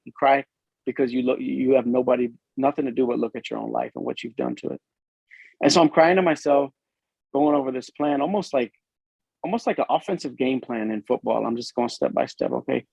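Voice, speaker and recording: A police officer from Illinois speaks with a gravelly, fry-edged voice at an ordinary pitch, sharing an earnest and emotional testimony in a podcast interview. His speech halts and restarts as he works through the story. The recording is dull and lo-fi, with a dry, close sound. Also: no room sound. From Illinois, USA.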